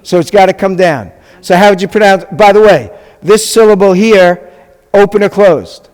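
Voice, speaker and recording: A man's voice sits high and a little mellow at a moderate pace as he, a rabbi, runs a live Hebrew lesson. He drills sounds with the students and tosses in joking asides in a congregation classroom that echoes with long hall reverb.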